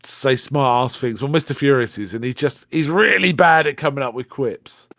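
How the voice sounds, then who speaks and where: A man's voice: medium pitch, normal speed, a bit bright, no room sound. A man in casual podcast chat, walking through a film scene by scene. He talks in loose, rambling bursts and slips into quoted lines. His voice sounds close and dry, with no room around it. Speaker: podcast co-host.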